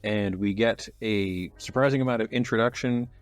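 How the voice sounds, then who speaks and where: Easygoing low-voiced man hosting a podcast. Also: normal speed, soft background music. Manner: easygoing, laughs often, summarizes plot. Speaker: podcast host. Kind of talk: casual podcast chat.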